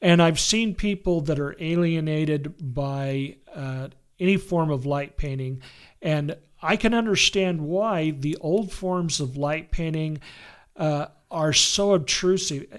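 A man who leads photography workshops, chatting casually and telling animated stories. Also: a little high, slow pace, smooth. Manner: animated storytelling with quoted voices. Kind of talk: casual conversation.

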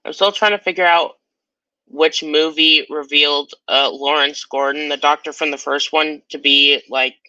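A man's voice: a little high, steady tone, moderate pace, bright, forceful tone, no room sound. A man co-hosting a casual podcast, talking hesitantly and a little self-consciously. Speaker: co-host. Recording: dry, dull lo-fi audio.

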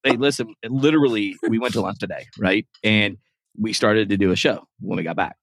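A man's voice: lowish voice, fairly quick, gravelly, no room sound. A man guesting on a podcast, telling jokey stories in casual chat. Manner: animated storytelling, joking.

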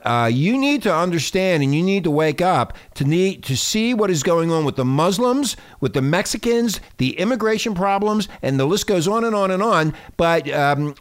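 A man hosting a shock radio show, talking in a brash, rambling, profane way. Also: fairly high pitch. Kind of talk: crude shock radio banter.

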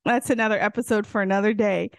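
Chatty gravelly-voiced woman podcaster. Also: medium pitch, quick pace, dry recording, studio quality. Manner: chatty, animated storytelling with many fillers. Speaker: podcast co-host. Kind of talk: casual chat.

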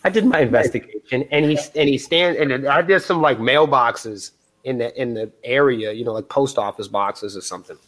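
A man's voice: medium pitch, moderate pace, fairly bright tone. A man, a band's point of contact guesting on a podcast, telling rambling, profane stories in casual chat and acting out what people said. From New Hampshire, USA. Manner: profane, rambling, acts out quoted lines.

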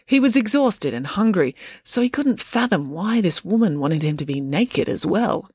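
A woman reading a children's chapter book aloud in a steady, clear way. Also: mid-range voice, normal speed, no echo. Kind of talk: storybook read-aloud narration.

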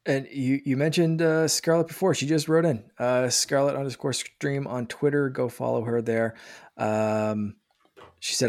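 A man's voice: medium pitch, a little slow, gravelly, a little mellow, no room sound, clean studio sound. A man hosting a casual gaming podcast, talking loosely with lots of fillers and restarts. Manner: rambling, many fillers and restarts. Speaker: podcast host. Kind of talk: casual chat.

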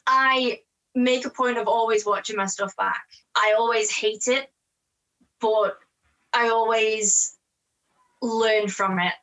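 An actress with an English accent chatting as a guest, talking quickly and laughing often. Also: female voice, fairly high pitch, steady tone, fairly bright tone, poor audio. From England. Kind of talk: casual interview chat.

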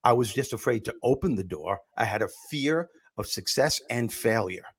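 A middle-aged man, a comedian and motivational speaker, telling animated stories as an interview guest. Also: mid-range voice, moderate pace, breathy edge. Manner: animated storyteller, acts out quotes. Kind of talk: storytelling interview answer.

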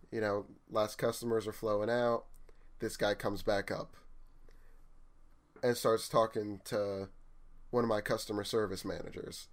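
A young man spins a story from his retail job in loose, casual chat. He slips into the voices of customers and coworkers as he goes. His voice sits in an ordinary middle range. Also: medium pitch. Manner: animated storyteller, acts out quotes. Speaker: retail store manager telling work stories.

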